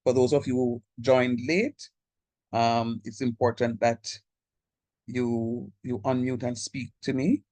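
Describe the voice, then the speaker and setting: Jamaican male lecturer on a video call, chatty and direct, mid pitch, dry sound. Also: fairly even intonation, slow, darkish tone, dry recording. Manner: direct, chatty, code-switches into local speech. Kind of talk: online math lecture.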